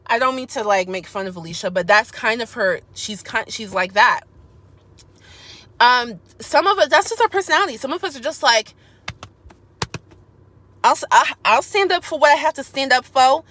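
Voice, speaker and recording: A woman's voice: fairly high pitch, fairly bright tone. Sassy woman vlogging from her car. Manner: sassy and emphatic, slangy, talks to viewers directly. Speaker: YouTuber giving commentary. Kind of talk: casual opinion vlog.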